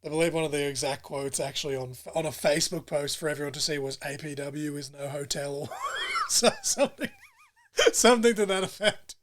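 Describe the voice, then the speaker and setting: A man co-hosting a casual podcast interview, animated and acting out quotes loudly. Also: fairly high pitch, fairly quick. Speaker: podcast co-host.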